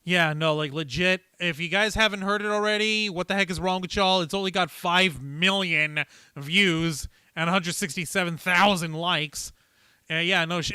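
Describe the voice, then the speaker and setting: A man hosting a casual livestream, talking in a loose, energetic way and swearing freely. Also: high-pitched, smooth, no echo. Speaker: host.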